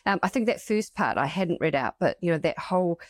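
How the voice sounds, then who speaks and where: A middle-aged woman co-hosts a podcast, a casual but heartfelt emotional conversation in which she reads passages aloud and reflects on her own experiences. Her voice is lowish, expressive and fairly quick, with no echo.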